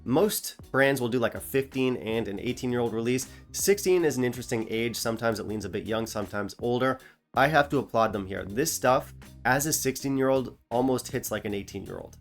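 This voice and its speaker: A man's voice: mid-range voice, fairly quick, soft background music. Opinionated man reviewing whisky. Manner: opinionated, chatty, joking asides. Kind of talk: casual review vlog.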